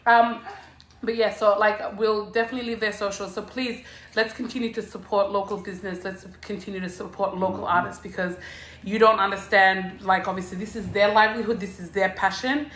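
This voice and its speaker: Speaking a little fast in a steady, mid-range voice with a touch of brightness, a woman hosts a relaxed conversation indoors at home. She's a bubbly storyteller who performs people's quotes with laughter, and the room has an echo.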